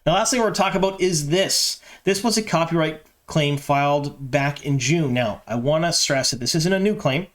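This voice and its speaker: A man's voice: a little high, normal speed, few pauses, fairly bright tone. A man hosting a fan news channel, talking casually and with opinions, with a lot of ums and uhs. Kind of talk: casual solo commentary to camera.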